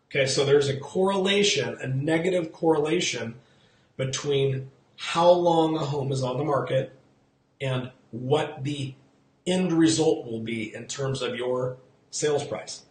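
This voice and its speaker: A man talks through the local housing market on a live stream, chatty and engaging, pausing to greet viewers and quiz them. His voice sits at an ordinary middle pitch, with a roomy echo around it. He repeats key numbers for emphasis. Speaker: real estate agent hosting a live show. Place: outdoors in the sun.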